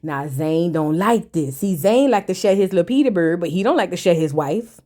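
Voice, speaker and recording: A woman's voice: on the low side, lively intonation, normal speed, mellow. A woman hosting a casual recap of a reality show, sassy and slangy, with chatty asides to her viewers.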